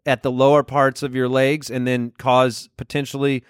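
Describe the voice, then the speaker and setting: A man hosting a comedy podcast who talks playfully, laughs often and fires off quick questions in casual banter. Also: mid-range voice, level tone, clear, resonant tone, no echo, clean studio sound. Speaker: podcast host.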